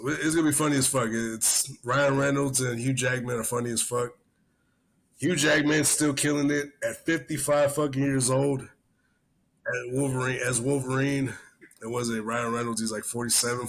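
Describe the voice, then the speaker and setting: A man co-hosting a casual podcast, talking in a profane, rambling, animated way and telling stories. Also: mid-range voice, normal speed. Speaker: podcast co-host. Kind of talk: casual chat.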